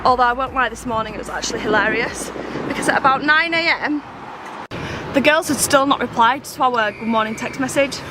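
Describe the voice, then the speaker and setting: A woman's voice: fairly high pitch, brisk. A woman telling a chatty, bubbly vlog story about her family trip, recorded outdoors at a truck stop. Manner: bubbly, laughing, retells with quoted voices. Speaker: family vlogger. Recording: vlog clip with outdoor traffic noise.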